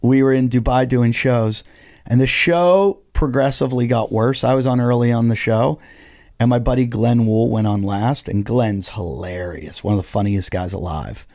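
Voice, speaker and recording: A man's voice: medium pitch, moderate pace, no room sound, clean studio sound. Man telling a story animatedly. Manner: animated storytelling, swears freely. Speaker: comedian guest. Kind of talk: casual podcast chat.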